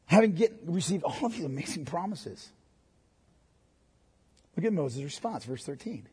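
A male pastor preaching a sermon, swinging from hushed, low passages to loud, emphatic ones. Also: very animated, moderate pace, breathy edge, long reverb tail.

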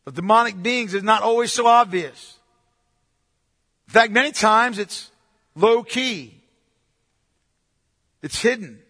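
Man, sermon, very high pitch, rhetorical questions, echoing church sanctuary. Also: bright, forceful tone. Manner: emphatic, asks rhetorical questions. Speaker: pastor.

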